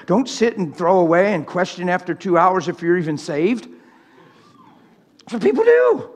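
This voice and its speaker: A middle-aged man delivers a live sermon in a church. His voice sits a little high, and he speaks plainly and bluntly, teasing his listeners with a ready laugh. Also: very animated, brisk, in a large hall. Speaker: preacher.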